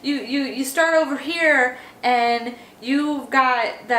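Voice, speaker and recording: A woman's voice: sits high, takes it slowly, few pauses, bright, forceful tone. A young woman vlogging to camera in a chatty, opinionated way, talking straight to her viewers. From Texas. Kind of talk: casual chat to camera. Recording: echoey room with faint background noise.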